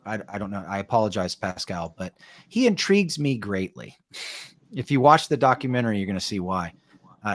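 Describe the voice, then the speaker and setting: A man's voice: medium pitch, no echo. Dry-sounding man breaking down paintball teams. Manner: conversational, tag questions, frequent fillers. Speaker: paintball coach and show panelist. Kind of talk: casual podcast analysis.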